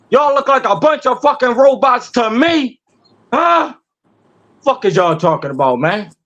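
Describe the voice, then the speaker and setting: High-voiced man ranting in heated slang. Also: fairly bright tone, highs cut off. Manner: profane, confrontational, repeating rhetorical questions. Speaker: podcast host.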